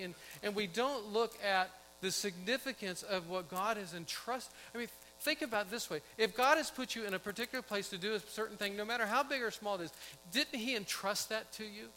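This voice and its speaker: A man's voice: high voice, a little fast, sharp tone, big-room sound, slight background noise, poor audio. A man pastor preaching a conversational sermon, asking his congregation questions and acting out quotes.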